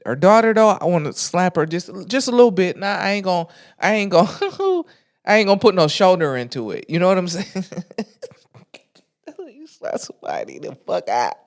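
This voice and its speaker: Animated, profane woman ranting. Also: fairly low pitch, normal speed. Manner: animated, profane, laughs often. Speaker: podcast host. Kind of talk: casual ranting commentary.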